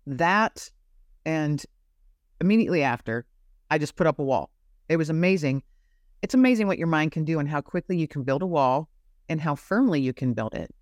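A woman's voice: deep voice, lively intonation, normal speed, long pauses, dry recording, studio quality. A middle-aged woman giving an earnest, emotional personal testimony as an interview guest, her voice rising as the story grows intense. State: teary-eyed.

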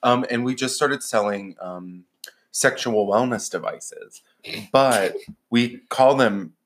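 A man's voice: mid-range voice, takes it slowly, a bit bright. Guy cohosting a podcast, giggly, says like a lot, just chatting. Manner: giggly, chatty, lots of "like" fillers. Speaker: podcast co-host. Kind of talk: casual chat.

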